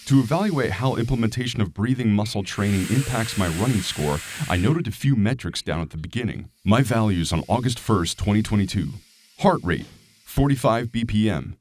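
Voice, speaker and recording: A man reading a scripted product review as a hired voice actor, in a lively, expressive way. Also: on the low side, brisk, a little hiss or hum. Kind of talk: scripted narration.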